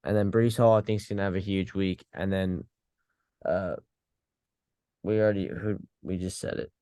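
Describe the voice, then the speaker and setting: A man with a fairly low voice chats casually as a podcast co-host, low-key and quick to make fun of himself. He speaks over a video call from a room at home, and the sound is dry with no room echo. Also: steady tone, warm tone, clean tone. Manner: low-key, self-deprecating. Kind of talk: casual chat.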